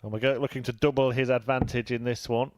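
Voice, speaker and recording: A man commentating on a darts match in a chatty, relaxed way. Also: medium pitch, quick pace, no echo. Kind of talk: live sports commentary.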